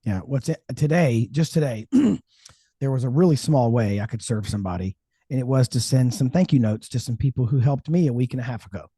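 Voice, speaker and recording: A man hosting a faith-based fathering podcast, chatting with his co-host in an energetic, enthusiastic way, sometimes slipping into a radio announcer voice. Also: medium pitch, fairly quick, husky, dry recording, studio quality. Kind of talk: casual podcast chat with ad read.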